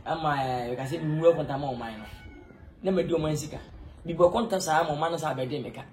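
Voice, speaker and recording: Talking fast in a high, darkish voice over a slight hiss or hum, a Ghanaian-accented man performs an improvised comedy skit. The comic actor rambles and laughs as he goes, at times bursting into singing praise.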